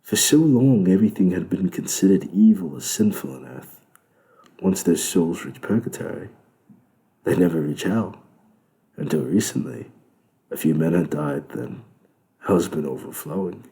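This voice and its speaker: A sardonic male devil with a British accent holds court in his club, amused and lecturing, voiced by a man. The voice sits very low and gravelly. Its tone is dark and mellow. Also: expressive, moderate pace.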